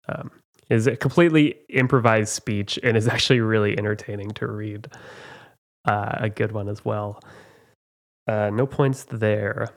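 With a lowish, gravelly voice, this quiz host reads out trivia questions in a chatty, self-mocking way, his casual talk full of fillers.

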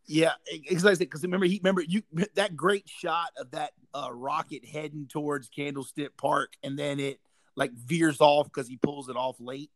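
A man's voice: a little high, fairly even intonation, normal speed, no room sound. A man, co-hosting a podcast in casual chat, rambling with many restarts. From South Carolina Lowcountry. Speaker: podcast co-host.

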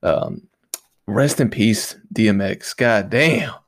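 Solo host, male, stuffy nose, low gravelly voice, loose profane chatter, dry close sound. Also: takes it slowly, no echo. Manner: laid-back, rambling, profane slang. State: nasal, stuffed up from allergies. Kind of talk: casual solo talk.

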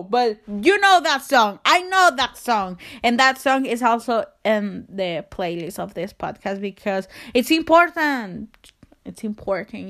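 Young woman podcaster with a non-native accent. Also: on the high side. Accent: non-native English. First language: not English. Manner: chatty, self-conscious, laughs at herself, swears casually. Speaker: podcast host. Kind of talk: casual solo podcast, reading from a phone.

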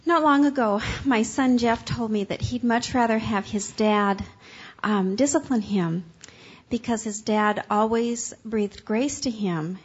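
A woman giving an earnest personal testimony at a seminar, halting and restarting as she tells her story. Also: fairly high pitch, breathy edge, lo-fi sound. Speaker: speaker's wife sharing a story.

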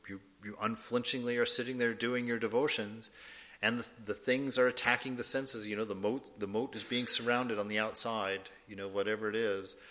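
Male spiritual teacher, informal talk style, slightly low voice with a bright edge, playful asides. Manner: conversational, laughs often, acts out quoted voices.

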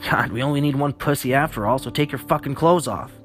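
A man's voice: medium pitch, fast, faint music behind, voice pushed up, lightly acted. A man voicing a cruel, crude male survivor who snarls taunting threats in a horror audiobook. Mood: menacing.

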